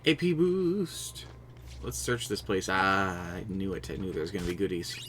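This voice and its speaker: A young man commentating casually on a live game stream, excitable and quick to swear and laugh. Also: sits low, slight background noise. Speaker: streamer playing a video game.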